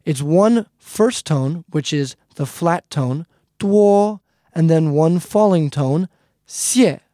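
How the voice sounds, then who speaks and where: A man's voice: fairly high pitch, slow pace, mellow, no room sound, studio quality. A man teaching a casual language lesson, friendly and repetitive, often calling the listeners "guys". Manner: friendly, repeats points, calls listeners "guys".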